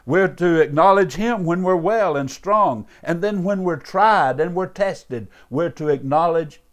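A man's voice: a little high, unhurried. A man, a pastor delivering a radio sermon in an earnest, fervent way, often saying uh and calling listeners beloved. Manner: earnest, fervent preaching with many uh fillers and repeated beloved.

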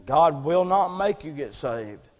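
A man preaching a sermon in a church, fervent, repeating words and rising to shouts. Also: fairly high pitch, animated, takes it slowly, big-room sound. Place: church sanctuary.

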